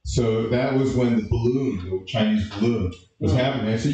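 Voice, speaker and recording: A man doing an open-mic stand-up set, halting with lots of uh and restarts. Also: medium pitch, warm tone, far from the mic. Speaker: stand-up comedian. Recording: echoey room from a live mic.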